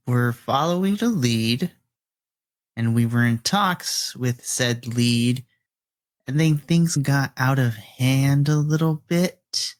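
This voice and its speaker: Laid-back slow-talking player. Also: mid-range voice. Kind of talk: casual tabletop banter.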